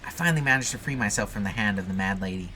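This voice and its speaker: A man's voice: fairly low pitch, expressive, rapid-fire, pushed and bright, a little hiss or hum. A man playing a text adventure, reading the narration aloud with casual asides. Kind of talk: let's play reading and commentary.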